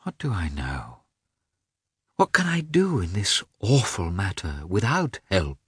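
A man voicing a young bridegroom's anxious inner thoughts, in a hushed, half-whispered musing. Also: lowish voice, sing-song, a little slow, breathy edge, no echo, clean studio sound, exaggerated voice. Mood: anxious wonder.

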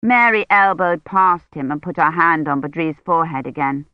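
A woman narrating a novel in a steady, even reading voice. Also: low-pitched, moderate pace, dry recording. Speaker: audiobook narrator. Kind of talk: scripted narration. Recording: dull lo-fi recording.

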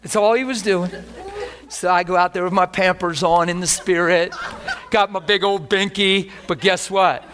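A man preaching a sermon, telling a personal testimony in an animated way, often laughing as he speaks. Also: sits high, normal speed, a little hiss or hum. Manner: animated, laughing testimony with sudden shifts between hushed and excited. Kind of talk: sermon storytelling.

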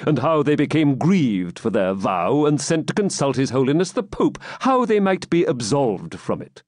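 A man reading a cool, calm Norman knight. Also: medium pitch, moderate pace, close to an everyday voice. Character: cool, pleasure-loving medieval Norman knight.

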